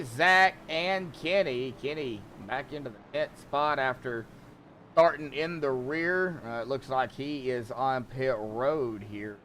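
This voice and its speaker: Slow-talking male race commentator. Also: fairly high pitch, fairly bright tone, a little hiss or hum. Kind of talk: sim racing commentary.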